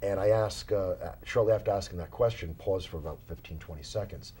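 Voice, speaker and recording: Guest investigator, male, low husky voice, animated storyteller, studio chat. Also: brisk. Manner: animated storyteller, many fillers and restarts. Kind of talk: casual interview storytelling. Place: small studio.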